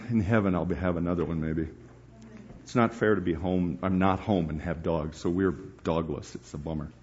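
A man's voice: deep voice, moderate pace, slight background noise. A middle-aged man preaching to a live audience, telling a story with bursts of laughter and acted voices. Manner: animated storyteller, breaks into laughter and acts out voices. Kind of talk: storytelling sermon. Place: church hall before a live audience. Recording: dull lo-fi live recording.

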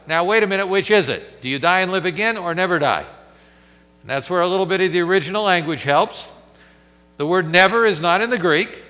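Male preacher with a forceful voice, emphatic sermon delivery with dramatic pauses and a long hall echo. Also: sits high, expressive.

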